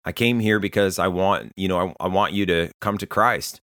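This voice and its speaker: A pastor, a man with a lowish voice, preaches in a relaxed, conversational manner and slips into stories about people he has met. The sound is dry and close, with no room echo. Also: normal speed. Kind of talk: sermon to listeners.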